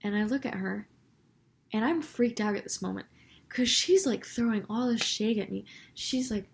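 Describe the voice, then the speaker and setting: A woman's voice: mid-range voice, normal speed, gravelly. A young woman vlogger, animatedly retelling a run-in with a neighbor in a casual storytime video. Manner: animated, dramatic retelling with quoted dialogue. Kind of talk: storytime vlog.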